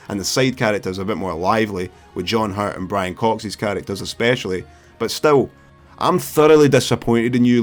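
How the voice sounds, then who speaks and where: A Scottish man giving opinionated, sweary, sardonic film commentary as the host. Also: fairly low pitch. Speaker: film reviewer.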